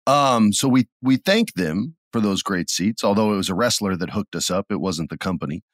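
A middle-aged man co-hosting a podcast, chatting casually and acting out his stories with sudden loud bursts. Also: fairly low pitch, moderate pace, dry recording, studio quality. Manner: animated storyteller, acts out scenes with sudden loud bursts. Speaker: podcast co-host. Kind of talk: casual chat.

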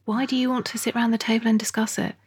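A woman's voice: a little high, little pitch movement, fast talker, breathy edge. Direct, probing woman therapist. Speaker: psychologist host. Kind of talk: therapy session conversation.

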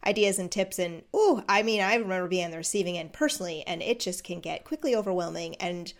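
A woman's voice: lowish voice, quick pace. A woman co-hosting a podcast in casual chat, a teacher who talks thoughtfully and laughs easily.

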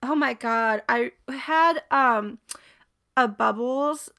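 A woman's voice: fairly high pitch, slow pace. A young woman co-hosting a podcast in casual chat, rambling and laughing often. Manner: giggly, rambling and animated. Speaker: podcast co-host.

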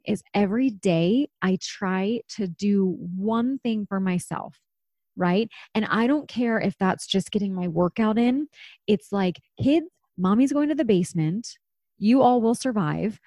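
A woman's voice: on the high side, dark tone, no echo. A woman in her thirties hosting a podcast, talking candidly and chattily, swearing now and then. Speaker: podcast host. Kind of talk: casual chat.

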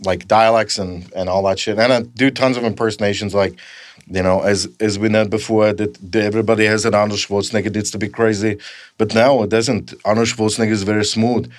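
A man, a stunt man and voice actor, chatting casually as a podcast guest in a recording studio, relaxed and swearing freely as he trails off and restarts. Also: fairly low pitch, a little fast, dry recording. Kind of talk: casual chat.

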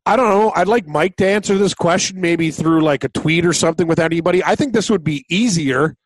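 High-voiced, easygoing male podcast co-host. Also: fairly quick, no echo. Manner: easygoing, laughs often, ribs his partner. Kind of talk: casual sports betting chat.

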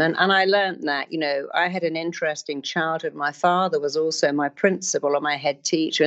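A middle-aged woman giving an emphatic motivational talk, acting out inner voices as she explains. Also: dull audio. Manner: emphatic, acts out inner voices with wide pitch swings.

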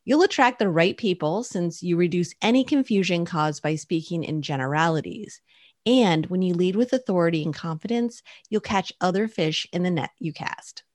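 A woman co-hosting a marketing podcast, cheerful and quick to laugh. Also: lowish voice, lively intonation, dry recording. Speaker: podcast co-host. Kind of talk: scripted podcast chat.

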